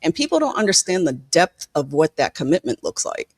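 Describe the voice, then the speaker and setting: A woman host with chats casually with a guest. Her low-ish voice swoops up and down as she spins animated, laugh-filled stories. The sound is close and dry, with no room behind it. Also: fairly quick, husky, no room sound. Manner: animated storyteller, acts out quotes, laughs often. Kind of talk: casual interview chat.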